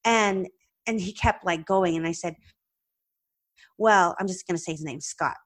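A woman hosting a podcast, chatting casually and retelling a tense phone call with animated, lively delivery and plenty of "like"s. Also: lowish voice, a little slow. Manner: chatty, many "like"s and restarts. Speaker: podcast host and practice owner. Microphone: podcast microphone.

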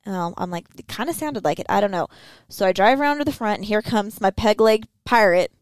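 A woman's voice: medium pitch, animated, brisk, no room sound. A woman co-hosting a podcast, telling a story in a teasing, chatty way and addressing listeners as y'all. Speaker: podcast co-host. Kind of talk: casual chat.

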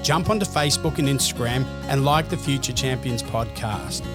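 A man hosting a podcast, reading a scripted narration in an earnest, measured way. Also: medium pitch, music in the background. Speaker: podcast host.

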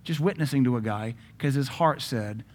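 A man's voice: medium pitch, moderate pace, darkish tone. Man preaching a conversational sermon.

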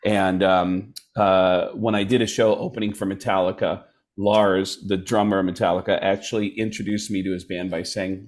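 A man's voice: low voice, moderate pace. A stand-up comedian telling a story in casual chat, jumping into voices as he goes. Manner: animated storyteller who slips into voices. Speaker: comedian guest.

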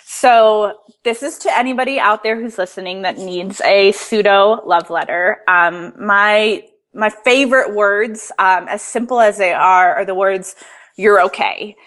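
A woman's voice: mid-range voice, measured pace, hardly any pauses, a bit bright. A young adult woman, a podcast guest, talking in a heartfelt, earnest way and filling her speech with "like.". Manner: earnest, fillers like "like" throughout. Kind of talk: casual heartfelt conversation.

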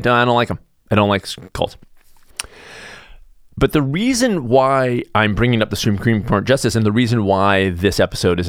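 A middle-aged man hosting a podcast, delivering an animated casual monologue, full of restarts, and mocking others in sudden high voices. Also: no room sound, clean studio sound. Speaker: podcast host.

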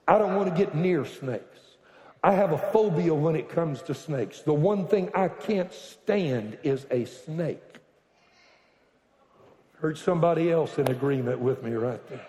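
A man preaching a sermon as pastor, telling stories with joking asides that build to loud bursts. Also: a little high. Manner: animated storytelling with joking asides, bursts to shouting. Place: church sanctuary. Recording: echoey reverberant hall.

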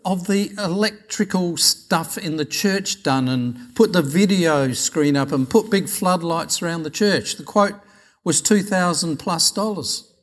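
A middle-aged Australian man, a pastor, telling stories in a chatty, animated sermon. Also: fairly high pitch, unhurried. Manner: chatty anecdotal, animated retelling of dialogue. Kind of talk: sermon storytelling.

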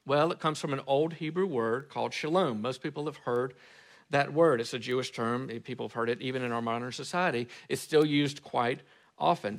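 A man preaching a sermon as pastor, talking in a conversational way and asking his listeners rhetorical questions. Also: medium pitch.

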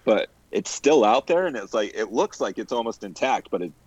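Man, low voice, casual profane storyteller, dull lo-fi dry audio. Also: a little fast, breathy edge, no room sound. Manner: profane storytelling, animated quoted asides. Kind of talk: casual chat.

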